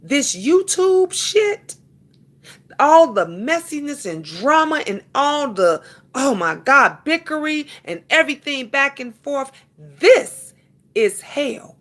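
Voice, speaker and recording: Woman live-stream host, high bright voice, preachy and emphatic, thanks chatters by name. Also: very animated, slow. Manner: preachy, addresses viewers and chat by name; emphatic repetitions, calls listeners honey. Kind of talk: casual live-stream talk.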